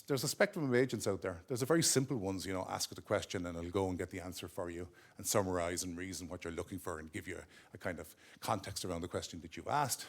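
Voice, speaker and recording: Gravelly man giving a talk. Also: deep voice, fast. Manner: conversational, often checks in with "okay?". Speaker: conference presenter. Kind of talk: business conference talk. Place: conference room at a corporate office.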